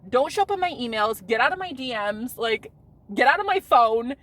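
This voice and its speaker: A woman in her thirties, a vlogger talking casually outdoors on a street in a brash, loud-mouthed way, swearing and laughing often. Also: a little high, expressive, moderate pace. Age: 30s.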